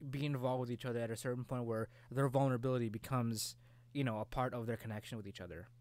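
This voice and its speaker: A man's voice: mid-range voice, fairly even intonation, fast, darkish tone. Dude cohosting a podcast, regular mid voice, teases his buddy, rambles with lots of likes and you knows. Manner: teasing, rambling, laughs often. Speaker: podcast co-host. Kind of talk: casual chat.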